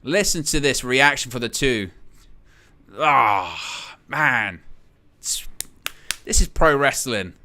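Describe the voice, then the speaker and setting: A man hosting a watch-along, giving excitable live reaction commentary and repeating his exclamations. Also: medium pitch, slow pace, long pauses.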